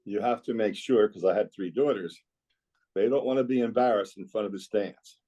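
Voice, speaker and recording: A man's voice: on the low side, moderate pace, dark tone. A man, a former club basketball coach, telling rambling stories in a casual podcast conversation. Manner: rambling, reminiscing storyteller.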